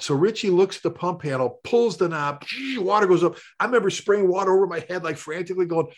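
A middle-aged man, a firefighter and paramedic, telling rambling, animated stories in casual conversation. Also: high-pitched, fast, few pauses. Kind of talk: conversational storytelling.

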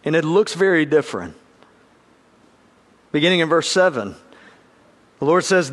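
A man's voice: on the high side, very animated, moderate pace, pauses often. A male pastor preaching a sermon in an earnest style, lifting his voice when he acts out quoted speakers.

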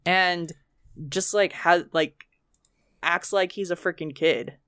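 A woman's voice: lowish voice, fairly even intonation, slow, fairly bright tone, clean tone, dry recording, clean studio sound. A woman chatting casually on a podcast, blunt and swearing often, with plenty of fillers.

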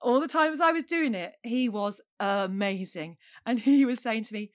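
A woman in her forties, co-hosting a podcast, telling stories in a chatty, animated way and acting out her own outbursts. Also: fairly high pitch, moderate pace, hardly any pauses. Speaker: podcast co-host. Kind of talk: casual chat.

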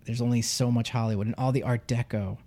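Gravelly man rambling about a movie. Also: medium pitch, steady tone, fast talker, mellow. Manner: rambling, searching for words. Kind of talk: casual film discussion.

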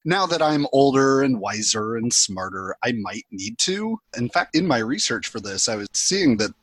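Guy cohosting a podcast, kinda husky voice, dry close sound, chatty and excited. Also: mid-range voice, normal speed, no room sound. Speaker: podcast co-host. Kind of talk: casual chat.

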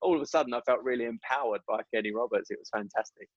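A man's voice: medium pitch, racing, no echo. A man telling racing stories in a casual interview, rambling with many restarts. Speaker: guest, former motorcycle racer. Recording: dull dry sound.

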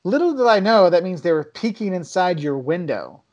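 A young man on a podcast, telling travel stories in casual chat and acting out quotes in lively voices. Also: normal speed, lo-fi sound. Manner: animated storyteller, acts out quotes with big pitch jumps. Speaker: travel video maker, podcast guest.

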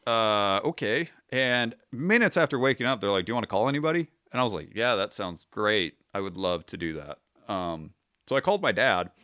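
A man's voice: lowish voice, expressive, brisk, sharp tone, no room sound, studio quality. A man in his thirties, a retired Army sergeant, recounting his experiences as a podcast guest in a casual, wry and profane way, acting out his own past remarks. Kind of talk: casual storytelling interview.

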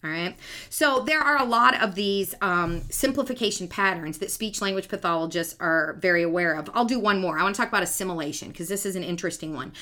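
Lower-voiced woman explaining with a laugh. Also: fast talker, few pauses, bright, forceful tone. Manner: teacherly, checks for understanding, laughs easily. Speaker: podcast co-host; speech language pathologist. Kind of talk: casual explanatory podcast chat.

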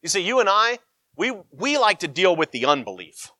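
A man preaching a sermon, emphatic and animated, swinging between loud cries and hushed asides. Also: high-pitched, moderate pace, no echo, studio quality.

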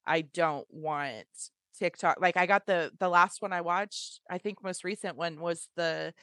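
Lower-voiced woman podcast co-host, dry. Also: unhurried, fairly bright tone, dry recording. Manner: blunt, joking, emphatic. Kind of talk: casual chat.

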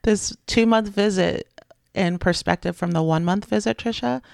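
A woman in her thirties chats and tells stories, laughing often. Her morning voice comes out gravelly and a little rough. The recording is dry and close. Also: medium pitch, moderate pace, a little mellow, no echo. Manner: chatty storyteller, laughs often. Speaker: podcast co-host. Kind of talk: casual chat.

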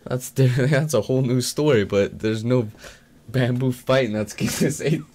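A man's voice: mid-range voice, moderate pace, darkish tone. A young man co-hosting a casual stream chat, joking crudely and laughing often. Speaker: co-host.

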